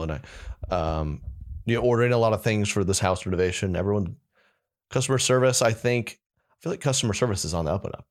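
A man hosting a podcast, chatting casually and telling animated stories. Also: lowish voice, fast talker. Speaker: podcast host. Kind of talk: casual chat.

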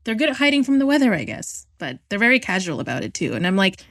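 A woman's voice: mid-range voice, big pitch swings, quick pace. A woman co-hosting a podcast, chatting casually with lots of fillers and asking her guest questions. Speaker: podcast co-host. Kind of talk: casual chat.

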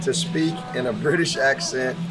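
A man's voice: medium pitch, normal speed, far from the mic, noisy background. A man reading tweets aloud and reacting to them with amused, punchy remarks.

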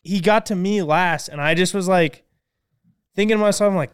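A man co-hosting a podcast, telling a story in a lively, casual way and swearing freely. His voice sits a little high and comes across smooth and clear. It is recorded dry and close on a studio mic. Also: fast talker, no echo. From Minnesota. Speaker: podcast co-host.

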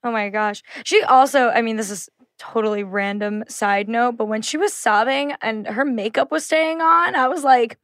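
A woman's voice: a little high, normal speed, fairly bright tone, no room sound, studio quality. A woman in casual podcast chat, gushing and laughing as she retells scenes. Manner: chatty, laughs often, gushing.

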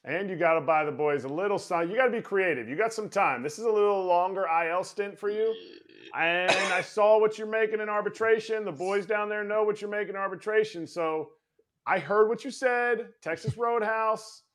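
High-voiced guy ribbing his buddy, jokey coach vibe. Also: a little fast, fairly bright tone. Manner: joking, teasing, coaching tone. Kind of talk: casual podcast chat.

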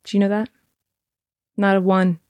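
A woman's voice: mid-range voice, level tone, moderate pace, a little mellow, no room sound. A woman co-hosting a podcast, chatting casually in a playful, giggly way. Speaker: podcast co-host. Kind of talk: casual chat.

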